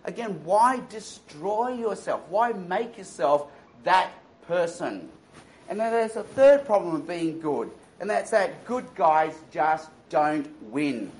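A man's voice: sits high, moderate pace, slight background noise, poor audio. A man preaching a sermon, telling stories and mocking smug attitudes with playful impressions. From Australia. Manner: animated storytelling with mocking impressions.

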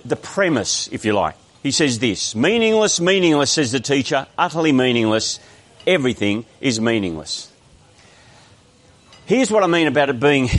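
A man with an Australian accent preaching a sermon, explaining a text in a conversational way with frequent restarts. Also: mid-range voice.

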